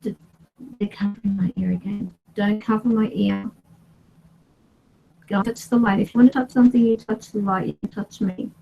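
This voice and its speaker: A woman's voice: mid-range voice, fairly even intonation, moderate pace, creaky, pauses often, mellow, dull audio, faint music behind. A woman running a paranormal session for her vlog, firmly questioning and ordering unseen spirits. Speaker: paranormal investigator.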